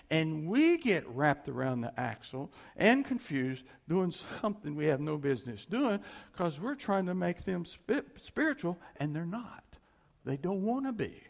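A male preacher giving a conversational, animated sermon and often chuckling as he talks. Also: sits high, unhurried, gravelly.

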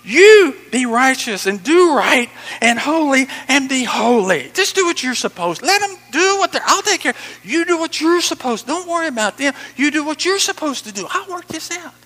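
A man voicing God as a calm, reassuring fatherly figure within a sermon. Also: very high-pitched, normal speed, long reverb tail, voice pushed up, heavily acted.

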